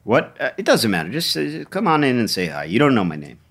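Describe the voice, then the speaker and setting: Rambling, stammering man with a lively voice. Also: mid-range voice, fast. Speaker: podcast co-host. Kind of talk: comedic podcast banter.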